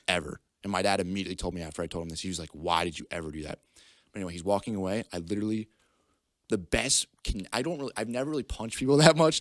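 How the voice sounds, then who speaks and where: A man's voice: fairly low pitch, no room sound, studio quality. A young man telling a story casually on a podcast, acting out the people he quotes in raised voices. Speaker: podcast guest.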